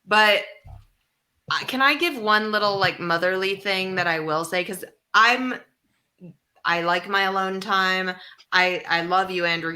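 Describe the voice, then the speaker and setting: A woman co-hosting a comedy podcast, chatting casually in an animated, teasing way. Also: lowish voice. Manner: animated, teasing, talks through her feelings. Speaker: podcast co-host.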